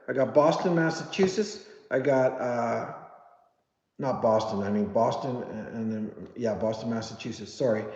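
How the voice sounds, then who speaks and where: A man with a mid-range, darkish voice hosts a casual live stream, chatting with viewers, reading their comments out loud and joking about his own memory. The audio is dull and roomy, with long reverb.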